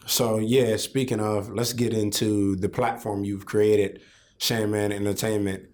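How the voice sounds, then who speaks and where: A male host in a casual interview chat, speaking in short, easygoing prompts and acknowledgements. His voice is low and flat in melody, and he talks slowly and unhurriedly. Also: a little hiss or hum. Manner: brief, easygoing backchannels and prompts. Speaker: podcast host.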